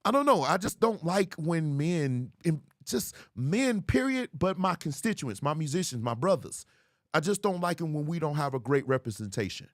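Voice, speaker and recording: A man hosts a commentary show with a high, very lively voice that leaps up when he mocks. He laughs often and keeps a teasing, animated manner. The sound is dry and close. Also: normal speed, dry recording. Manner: swings into high squeals when ridiculing. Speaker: host. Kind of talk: commentary on viral clips.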